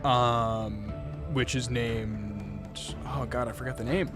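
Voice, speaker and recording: A man's voice: medium pitch, steady tone, slow pace. A man running a tabletop game as game master, narrating in a rambling way with many fillers, over background music.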